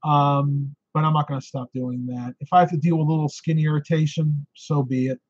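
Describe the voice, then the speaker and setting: A man's voice: on the high side, fairly even intonation, moderate pace, a little mellow, dry recording, dull audio. A man hosting a live stream, chatting casually and answering viewer questions, tired and losing his voice, with frequent ums and laughs.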